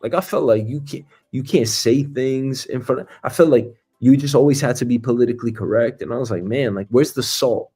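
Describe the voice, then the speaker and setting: A man's voice: medium pitch, brisk, hardly any pauses, mellow, husky, soft background music. A man hosting a news talk stream as a comedian, rambling and swearing freely, with lots of filler words. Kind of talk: casual profane commentary.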